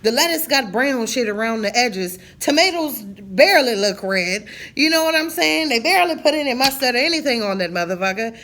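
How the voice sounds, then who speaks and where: Woman, thirties, casual vlog rant, blunt and cussing, higher-pitched voice. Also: expressive, fairly quick, hardly any pauses, fairly bright tone. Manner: blunt, profane, joking storytelling. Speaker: vlogger. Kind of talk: casual venting monologue.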